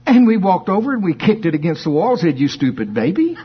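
A man's voice: high voice, fast talker, husky, dull audio. A middle-aged male preacher preaching a sermon, telling stories playfully and acting out voices. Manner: animated storytelling, playful, acts out voices.

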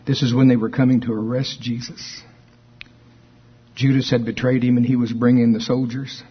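A man's voice: mid-range voice, little pitch movement, normal speed, breathy edge. A man teaching from the Bible in a sermon, explaining verses conversationally with asides. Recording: dull lo-fi recording.

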